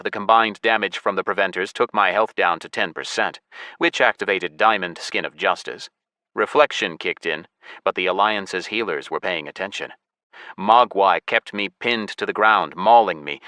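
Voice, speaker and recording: A man narrating a fantasy novel in the first person, steady and measured, as an audiobook reader on a close studio mic. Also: lowish voice, no room sound.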